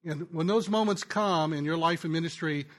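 A male pastor preaching a sermon in a conversational, storytelling way, often restarting his words and going soft and quiet in tender moments. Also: on the high side, normal speed. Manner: frequent restarts and stammers. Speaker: pastor and ministry teacher.

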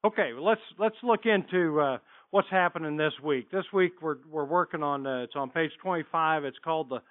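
A man's voice: on the high side, fairly quick, dry recording. A middle-aged man leading a small men's Bible class, informal and full of fillers and restarts as he quizzes the group. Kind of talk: small-group teaching with prayer. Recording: tinny phone-like sound.

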